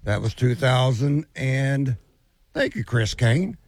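A man's voice: medium pitch, expressive, slow, a little mellow, dry recording. A man co-hosting a casual sports radio show, chatting and reading listener messages aloud.

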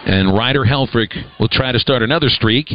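A man giving live baseball play-by-play as announcer, brisk and conversational with dry humor. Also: medium pitch, lo-fi sound.

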